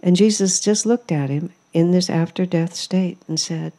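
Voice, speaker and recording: Woman, spiritual teacher, low voice, soft mellow tone, storytelling talk. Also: moderate pace. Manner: warm storytelling, amused, reflective. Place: ashram hall.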